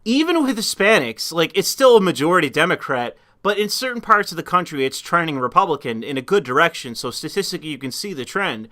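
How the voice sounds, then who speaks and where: A man's voice: a little high, very animated, fast, hardly any pauses, pushed and bright. A man hosting a live stream, talking in a loose, rambling casual chat full of fillers and restarts. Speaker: stream host.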